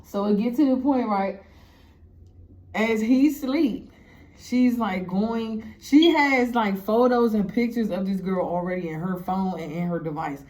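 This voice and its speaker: A young woman telling a story to her viewers in a casual, animated way, laughing often and filling her talk with "like". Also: mid-range voice, a little slow. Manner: animated, laughing, heavy "like" fillers. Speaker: storytime vlogger.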